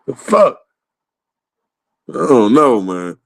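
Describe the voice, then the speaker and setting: A man's voice: mid-range voice, sing-song, slow pace, no room sound. A man in a casual comedic rant, swearing freely and laughing often in the middle of his sentences. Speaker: comedic ranter.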